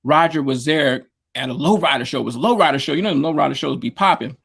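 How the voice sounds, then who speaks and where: A man's voice: on the high side, quick pace, gravelly, a bit bright, slightly rough. A man, a DJ and producer, telling stories in a casual interview, rambling with lots of fillers and slang over a video call. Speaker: guest, DJ and producer.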